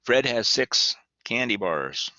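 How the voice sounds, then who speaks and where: A man's voice: medium pitch, sing-song, slow pace, bright, forceful tone, dry recording, highs cut off. A man teaching a casual recorded math lecture, chatty and folksy, who acts out little exchanges with an imagined student.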